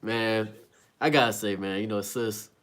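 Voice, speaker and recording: A man's voice: fairly low pitch, steady tone, unhurried, a bit bright. A laid-back man hosting a casual interview over a video call, affirming often. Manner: laid-back, affirming, says "right" a lot. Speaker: interview host.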